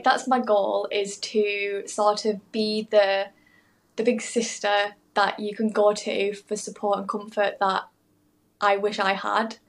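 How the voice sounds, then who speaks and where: Young woman with a flat, gravelly voice. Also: medium pitch, low-quality recording. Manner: rambling, heartfelt, many fillers and restarts. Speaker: podcast guest. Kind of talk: candid interview talk. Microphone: remote video call.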